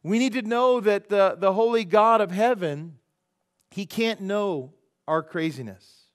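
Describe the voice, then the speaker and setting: A man's voice: sits high, measured pace, clean tone. A male pastor giving a chatty sermon at a church service, asking the crowd questions, then praying. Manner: chatty, asks the crowd "how many know", preaches then prays softly.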